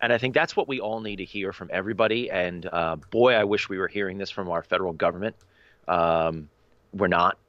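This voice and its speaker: A man with a deep voice co-hosts a podcast, earnest and opinionated, with many "um"s. His voice comes through muffled and dry, with no room sound at all. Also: fairly quick, no echo. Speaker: podcast co-host. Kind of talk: casual podcast discussion.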